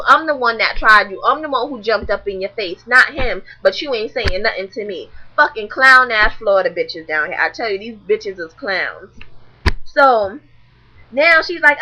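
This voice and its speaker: A young woman vlogging, telling a story to camera in a blunt, animated, profane way. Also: fairly high pitch, moderate pace, muffled recording, slight background noise.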